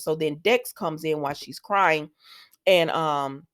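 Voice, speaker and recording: Chatty woman with a low voice. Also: unhurried, a bit bright, no room sound, clean studio sound. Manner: chatty, digressive, talks back to the characters. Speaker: soap opera recap vlogger. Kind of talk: casual spoken recap.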